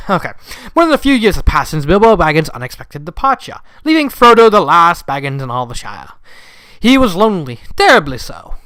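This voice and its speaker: A man's voice: high voice, sharp tone, smooth, no room sound. A young man who just woke up, reading a fanfiction aloud with casual commentary and frequently breaking into giggles. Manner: giggly, easily breaks into laughter. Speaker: fanfiction reader.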